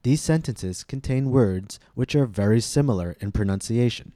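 A man hosting a pronunciation podcast, reading a scripted lesson slowly and with careful, clear enunciation. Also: mid-range voice, dark tone, no echo, clean studio sound. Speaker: pronunciation teacher and podcast host.

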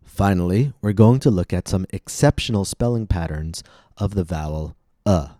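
A pronunciation teacher with a low, mellow American male voice gives a scripted lesson, enunciating each word slowly and carefully and leaving pauses for repetition. He is expressive. The sound is dry and close to the mic, without echo.

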